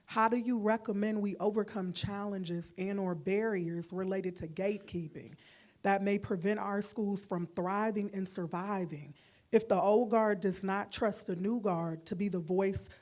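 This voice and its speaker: Woman audience member, mid-pitched, measured, formal and long-winded. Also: steady tone, a little mellow. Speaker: audience member asking a question. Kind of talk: formal question at a Q&A.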